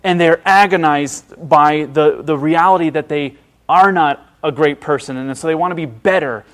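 A male preacher delivers a sermon in a slightly high voice. He speaks earnestly and with emphasis, pausing for effect and sinking to hushed tones on key phrases. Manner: earnest, emphatic, with dramatic pauses and hushed drops.

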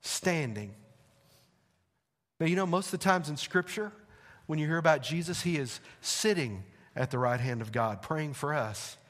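A man's voice: on the high side, moderate pace. Preaching man with a drawl. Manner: animated, conversational preaching with playful asides. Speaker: pastor. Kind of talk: sermon. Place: church sanctuary. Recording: long hall reverb.

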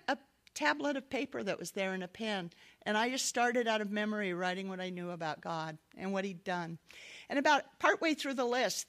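Here a middle-aged woman speaks at medium pitch with a slightly bright tone. Giving a devotional talk, she earnestly shares her testimony in the manner of a sermon, breaking into light laughs.

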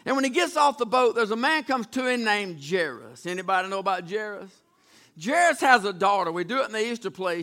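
A man's voice: very high voice, pushed and bright. A man preaching a sermon, retelling Bible stories in a folksy, dramatic way with acted-out voices. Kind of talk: storytelling sermon.

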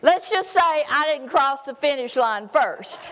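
A woman's voice: sits high, expressive, unhurried, fairly bright tone. A middle-aged woman preaching a sermon, telling folksy, humorous personal stories.

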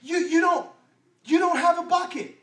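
Man playing a disbelieving woman at a well, high and loud, mocking questions, echoey room, distant mic. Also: normal speed. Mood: incredulous. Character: incredulous Samaritan woman at a well.

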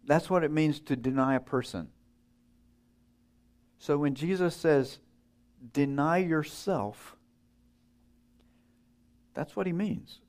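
A man's voice: on the high side, slow pace, long pauses, darkish tone. A man preaching a sermon in a conversational way, putting questions to his listeners and acting out the voices in a story he tells.

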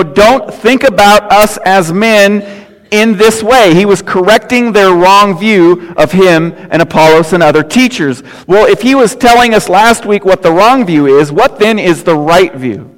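An older man preaching to his congregation, spinning homespun jokes and stories between scripture points. His voice sits a bit high for a man. The sound rings with the long reverb of a church sanctuary. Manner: folksy storytelling with jokes and asides. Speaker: pastor. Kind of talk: sermon.

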